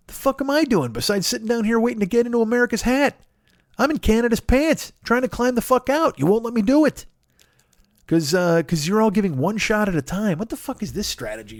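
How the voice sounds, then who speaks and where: A man's voice: high-pitched, no room sound, clean studio sound. A man in his forties hosting a comedy podcast, delivering a profane, ranting monologue full of mocking impressions. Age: 40s.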